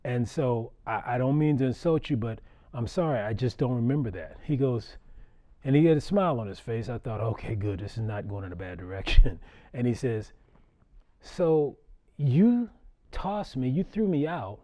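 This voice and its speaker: Middle-aged male referee, warm low-key tone, casual storyteller who restarts and repeats words. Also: brisk. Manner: conversational, chuckling, repeats words when he restarts. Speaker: basketball referee giving a talk. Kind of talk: storytelling public talk.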